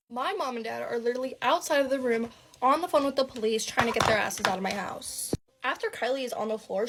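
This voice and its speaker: A woman's voice: a little high, fairly bright tone. Breathless gossipy young woman storyteller. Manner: breathless, gossipy, swears freely. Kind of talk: dramatic personal storytime.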